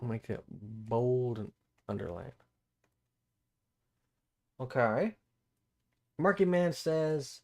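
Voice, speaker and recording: A man's voice: medium pitch, expressive, very slow, gravelly, pauses often. A man hosting a live-streamed Bible study, reading verses aloud and then commenting on them casually, rereading and repeating phrases as he thinks them through. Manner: casual, plain-spoken asides between formal scripture reading.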